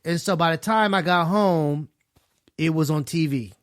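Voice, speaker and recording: A relaxed podcast co-host chats casually and laughs easily, his voice on the high side at a moderate pace. The sound is clean studio audio with no room sound.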